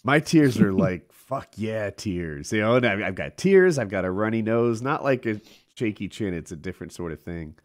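Low-voiced, animated man chatting. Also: fairly quick, few pauses. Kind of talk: casual chat.

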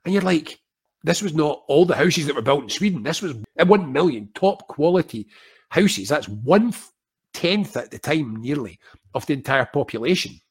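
An older Scottish man in casual conversation, an animated storyteller who acts out quoted voices with wry humour. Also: a little high, moderate pace, breathy edge. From Scotland.

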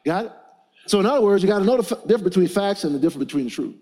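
Racing along in a high, animated, mellow voice, a middle-aged man preaches as a motivational speaker at a men's gathering, leading call-and-response and telling emphatic stories.

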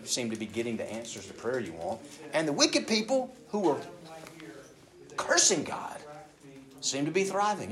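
A pastor with a mid-range voice preaches a sermon, reading scripture aloud before addressing the congregation directly. He shifts between loud emphasis and hushed asides.

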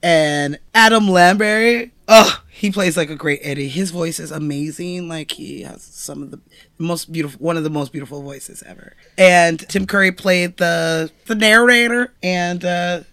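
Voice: medium pitch, normal speed, a bit bright, smooth, dry recording. A podcast co-host talking casually and frankly about films, with a light swear now and then. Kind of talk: casual film discussion.

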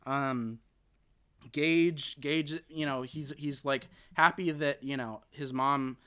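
A man's voice: mid-range voice, steady tone, slow, a bit bright, clean tone. A man hosting a casual podcast chat, recapping a film in a rambling way with lots of fillers and restarts. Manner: rambling, full of fillers and restarts, quotes characters. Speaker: podcast host.

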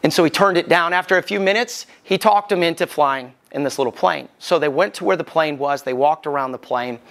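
A man's voice: fairly high pitch, fairly quick, creaky, a bit bright. A man, a lead pastor, giving a sermon. He tells a story at length and then drives the lesson home with repeated, emphatic commands. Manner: emphatic, repetitive exhortation.

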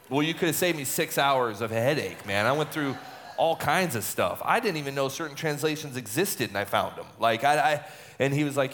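A man tells a personal testimony in an animated way and slips into the voices of the people in it. His voice sits in a middle pitch. A long reverb trails behind each phrase, as in a large hall. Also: brisk. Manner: animated storytelling, acts out quoted dialogue. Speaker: speaker telling a personal story.

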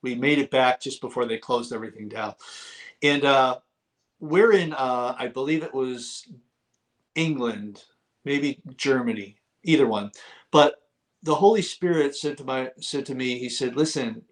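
A middle-aged man guesting on an interview show, talking in a casual, lively storytelling way. His voice sits at an everyday middle pitch, and he often repeats a word to drive it home. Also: a little slow. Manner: animated storyteller, repeats words for emphasis. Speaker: guest author.

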